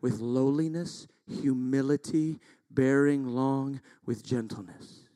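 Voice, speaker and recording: A male pastor preaches a sermon, intense and emphatic, often swinging up to loud, driving peaks. His voice sits at a middle pitch, and the sound is dry and close. He breaks in with plain, self-deprecating asides. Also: fairly even intonation, slow pace, no echo.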